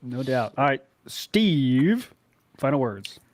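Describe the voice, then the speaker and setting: A man hosting a casual podcast, laid-back and quick to laugh, cursing casually as he chats. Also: medium pitch, big pitch swings. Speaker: podcast host.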